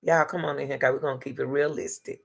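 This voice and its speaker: A woman's voice: rumbling low, steady tone, fast talker, gravelly, slightly rough. Emphatic woman giving relationship advice. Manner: emphatic, repetitive, addresses listeners directly. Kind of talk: casual advice monologue.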